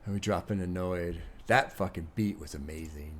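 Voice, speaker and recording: A man streaming a first-listen album reaction, chatty and excitable, swearing freely as he thinks out loud to his chat. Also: deep voice, normal speed, over loud music. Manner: excitable, profane, chatty, laughs often.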